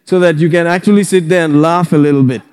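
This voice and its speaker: A male pastor preaching a sermon, animated, breaking into bursts of laughter and shouted praise. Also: a little high, fast talker, clear, resonant tone, long reverb tail.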